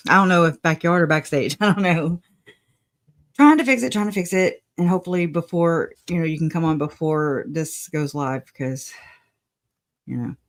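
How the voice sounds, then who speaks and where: A woman's voice: low voice, fairly even intonation, moderate pace. A woman hosting a casual livestream, chatting, laughing often and greeting viewers by name. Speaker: livestream host.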